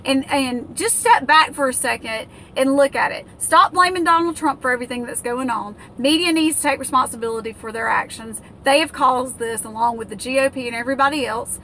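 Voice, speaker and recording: A woman's voice: sits high, brisk, hardly any pauses, a bit bright, slight background noise. An American woman in an angry, indignant political rant, stumbling over fillers and restarts as she vents. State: livid. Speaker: political vlogger.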